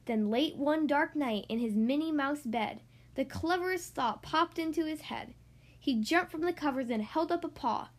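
A woman reading a rhyming children's picture book aloud in an expressive, sing-song way. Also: sits high, moderate pace. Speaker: podcast host reading children's books.

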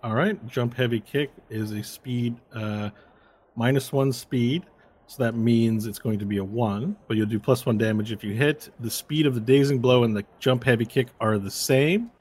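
A man's voice: mid-range voice, fairly even intonation, moderate pace, darkish tone, slightly rough. A man acting as game master, talking through moves and dice rolls step by step and correcting himself as he goes. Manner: explains rules step by step, with fillers and self-corrections. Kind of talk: narrating a tabletop game.

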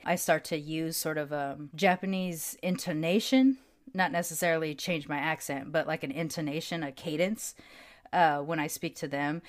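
A woman from the United States speaks in a low voice, reflecting and thinking aloud, with fillers scattered through her sentences. She is talking over a video call as a podcast guest. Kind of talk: casual conversation.

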